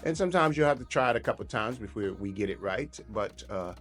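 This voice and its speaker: A man's voice: fairly low pitch, brisk. A man hosting his own cooking video, chatting casually and repeating himself while he shows the dish. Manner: relaxed, chatty, repeats and restarts phrases. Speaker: cooking show host.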